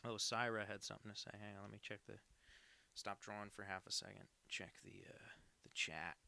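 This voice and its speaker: A man's voice: mid-range voice, a little fast, vocal fry, pushed and bright, clear, resonant tone. An American man in his twenties, a cartoonist chatting casually on a live stream while drawing, rambling and self-deprecating. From United States.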